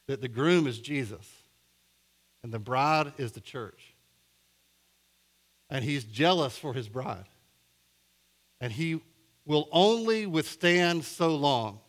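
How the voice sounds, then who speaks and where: Man preaching a storytelling sermon. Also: mid-range voice. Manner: storytelling, building from hushed to emphatic. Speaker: pastor.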